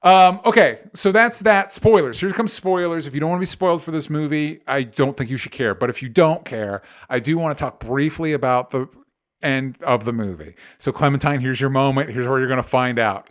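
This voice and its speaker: A man's voice: medium pitch, lively intonation, normal speed. A man co-hosting a casual chat show, ranting animatedly with exasperation and swearing. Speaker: podcast co-host.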